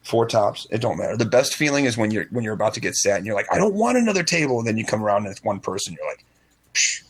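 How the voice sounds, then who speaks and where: A man's voice: on the low side, rapid-fire, breathy edge. A man working as a restaurant server, chatting casually on a radio show and acting out bits of dialogue in rambling stories. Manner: frequent restarts and stutters.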